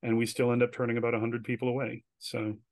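A man guest telling stories in a casual interview, chatty and animated, with many filler words. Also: medium pitch, fast talker, no echo. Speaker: guest, director and writer.

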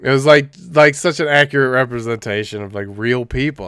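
A man co-hosting a podcast in casual chat, animated and full of "like", acting out quotes in funny voices. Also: mid-range voice, a little fast, clear, resonant tone, dry recording, studio quality. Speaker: podcast co-host.

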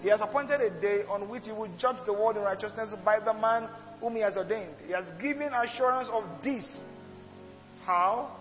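Pastor, male, very high pitch, forceful repetitive sermon delivery, dull recording with long hall reverb. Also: moderate pace, faint music behind. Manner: emphatic preaching with repeated phrases and sudden loud outbursts.

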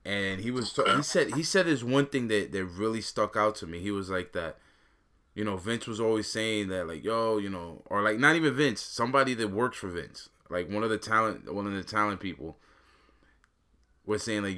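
Bright-voiced man chatting loosely. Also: on the low side, normal speed. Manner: loose, slangy, rambling with many fillers. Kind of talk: casual chat.

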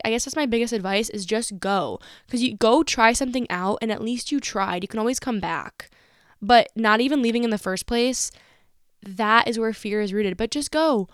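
A woman's voice: on the high side, clean tone, no echo, clean studio sound. A young woman hosting a podcast, giving candid, motivational advice in casual slangy talk. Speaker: podcast host.

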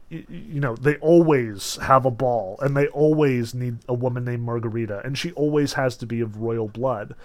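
A man lecturing casually on a book, his voice sitting at an ordinary middle pitch. He talks loosely, full of filler words and quick restarts, and presses hard on the points he wants to drive home. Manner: emphatic when stressing points. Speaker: literature lecturer. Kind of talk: casual lecture on a novel, reading passages aloud.

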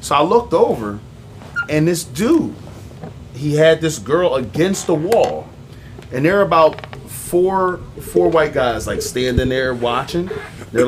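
A man's voice: fairly high pitch, slight background noise. A young man, telling a long story on a casual podcast, with many ums and acted-out voices for the people in it. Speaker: podcast co-host.

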